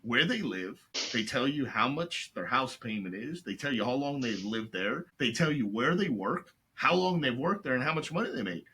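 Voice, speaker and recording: A middle-aged entrepreneur, appearing as a guest in casual chat, speaks at a normal speed with a medium pitch and few pauses over slight background noise. He tells stories animatedly, acting out customers' voices and peppering everything with "right?" and "like."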